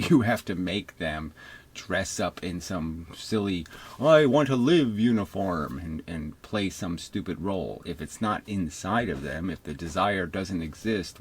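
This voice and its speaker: A man's voice: low voice, slightly rough. An older man ranting on camera in an unscripted, profane, mocking monologue, often slipping into sarcastic imitations of others. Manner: mimics others in put-on voices. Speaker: video commentator.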